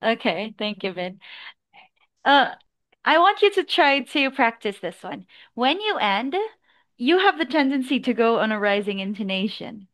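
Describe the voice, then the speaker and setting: Woman, IELTS speaking tutor, slightly higher voice, patient explanations. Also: very animated, fairly bright tone. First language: English. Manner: encouraging, explains slowly with examples. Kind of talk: online speaking lesson feedback.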